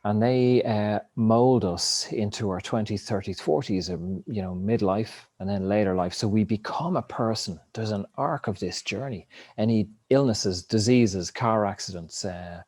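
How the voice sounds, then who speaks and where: A man's voice: fairly low pitch, measured pace, hardly any pauses, a little mellow, no echo. A man talking in a rambling, reflective spiritual monologue, cursing now and then. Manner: rambling, reflective, swears casually.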